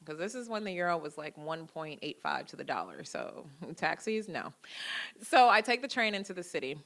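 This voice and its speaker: A woman's voice: on the low side, moderate pace. A woman in her thirties giving a public lecture, telling personal stories with acted-out dialogue. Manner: lively storytelling, acting out quoted dialogue. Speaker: guest lecturer. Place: lecture hall.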